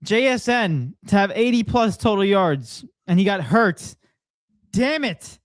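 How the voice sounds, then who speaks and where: A man's voice: high-pitched, expressive, measured pace, no room sound. A young man co-hosting a sports podcast, upbeat and laughing often as he reads out scores and predictions. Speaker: podcast co-host.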